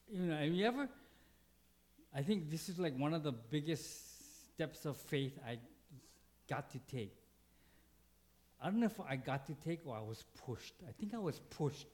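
A man, a pastor, preaching a conversational sermon, asking the congregation questions and acting out little quoted exchanges with sudden jumps in his voice. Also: darkish tone. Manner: dynamic, acts out quotes with big pitch jumps.

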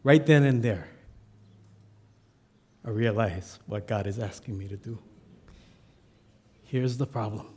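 A man's voice: fairly low pitch, slow, long pauses, a little mellow, husky. A man, an assistant pastor, telling a personal story in a sermon with self-deprecating humor.

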